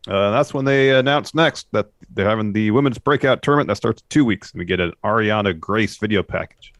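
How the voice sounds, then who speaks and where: Deep-voiced man, matter-of-fact. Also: fairly quick, fairly bright tone, no room sound, studio quality. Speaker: podcast co-host. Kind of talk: casual wrestling recap chat.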